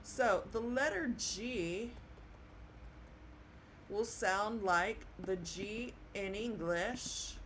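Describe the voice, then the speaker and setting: A woman teaching Spanish pronunciation in a slow, patient classroom manner, repeating words and checking in with "okay?". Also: medium pitch, a bit bright, slight background noise.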